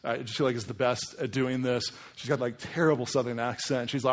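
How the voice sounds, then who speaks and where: A man's voice: mid-range voice, quick pace. A man preaching a sermon in a casual, conversational way, with frequent asides to his congregation. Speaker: pastor.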